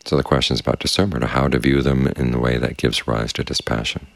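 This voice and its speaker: A man teaches meditation in a very deep, gravelly voice. He talks calmly and without hurry, guiding his listeners. The sound is dry and close, with almost no room echo. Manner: calm, measured, unhurried. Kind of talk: dharma talk. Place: quiet meditation space with crickets outside.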